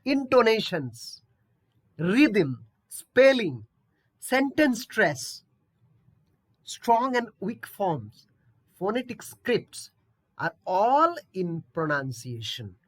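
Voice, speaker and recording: Slow, lively woman teaching pronunciation. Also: medium pitch. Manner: patient, repetitive, checks in with "okay?". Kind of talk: online pronunciation lesson.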